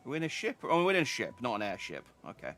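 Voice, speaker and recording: A man's voice: mid-range voice, wildly swooping pitch, fast, a bit bright, soft background music. A man streaming a game, making casual, self-mocking asides as he plays. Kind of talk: casual gameplay commentary.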